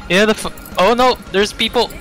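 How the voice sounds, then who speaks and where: Bright-voiced man teasing his gaming buddies. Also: sits high, faint music behind. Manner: teasing, quick jokes. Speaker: let's play gamer. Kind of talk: casual gaming banter.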